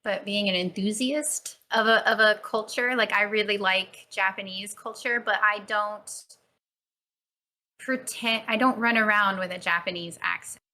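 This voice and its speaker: Bright-voiced woman co-hosting a podcast. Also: medium pitch, fairly even intonation, measured pace. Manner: conversational, hedging, thinks aloud. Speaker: podcast co-host. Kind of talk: casual chat.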